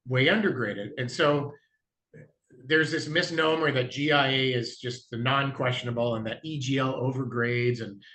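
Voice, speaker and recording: A man, a guest diamond dealer in a casual interview, telling anecdotes and acting out both sides of the dialogue, clearing his throat now and then. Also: medium pitch, a bit bright.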